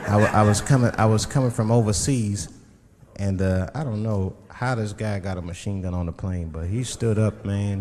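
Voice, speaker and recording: A man performing stand-up comedy, telling stories in a wry way and swinging between loud and low delivery. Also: moderate pace. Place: theater stage with audience. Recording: live stage mic with crowd laughter.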